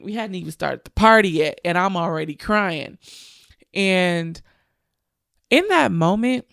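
A woman's voice: lowish voice, vocal fry, no room sound, studio quality. A young woman, a bride-to-be, chatting to her viewers in an emotional, gushing storytelling style. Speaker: bride-to-be vlogger.

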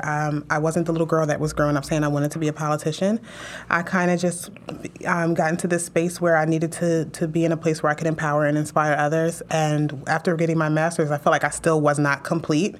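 Young woman lawmaker chatting, lower voice, gets emotional and laughs a lot. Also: a little fast, a little hiss or hum. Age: young adult. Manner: emotional, animated storytelling with laughs. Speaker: state legislator. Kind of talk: interview.

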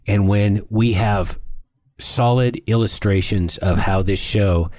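A man's voice: on the low side, slow pace, darkish tone, dry recording, clean studio sound. A man co-hosting a podcast in casual talk, earnest and emphatic, often repeating his words. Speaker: podcast co-host.

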